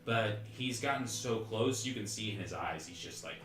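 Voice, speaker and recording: A man narrating as game master of a tabletop game, talking haltingly with many fillers and restarts. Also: lowish voice, a bit bright. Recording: roomy stream audio with faint music.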